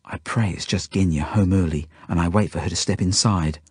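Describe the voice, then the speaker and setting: A man reading a children's novel aloud in the first person, expressive and sometimes dropping to hushed tones. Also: low voice, fairly quick, slightly rough, no room sound, studio quality. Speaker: audiobook reader. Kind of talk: first-person storybook narration.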